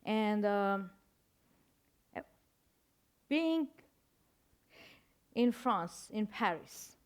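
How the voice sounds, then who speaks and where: An older woman with a Persian accent, a native Persian speaker, telling stories as a guest author in a reflective interview, halting and searching for words with wry humor. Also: mid-range voice, expressive, clear, resonant tone. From Iran.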